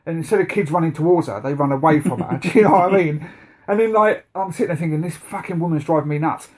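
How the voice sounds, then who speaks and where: A man's voice: a little high, fast, a little mellow. A man, co-hosting a podcast in casual chat, telling rambling stories and swearing a lot. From England. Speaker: podcast co-host.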